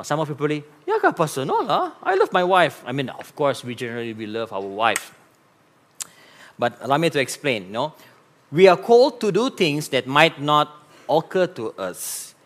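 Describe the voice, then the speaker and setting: A man with a Malaysian English accent preaching a sermon as pastor, animated and often repeating key phrases. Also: fairly high pitch.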